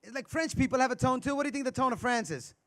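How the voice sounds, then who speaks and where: A man performs stand-up on a live stage, his voice sitting notably high. He bounces between observational bits and playful crowd-work banter. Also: expressive, very fast, a bit bright. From India. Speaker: stand-up comedian. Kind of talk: stand-up comedy.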